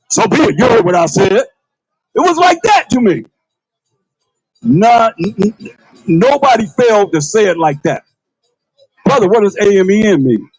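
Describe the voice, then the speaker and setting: A man preaches in a loose, conversational manner, circling back to the same points and firing off rhetorical questions. His voice sits fairly high and has a husky edge. The recording is dry and close. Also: sing-song, normal speed, long pauses, darkish tone, no room sound, rough recording. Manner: colloquial, calls on a reader to read. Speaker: priest. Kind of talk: livestreamed sermon.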